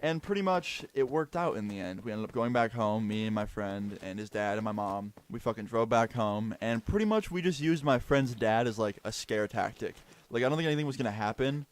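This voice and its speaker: A young man casually recounting a personal story as a vlogger, chatty and animated with lots of "like" fillers. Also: on the low side, brisk, hardly any pauses.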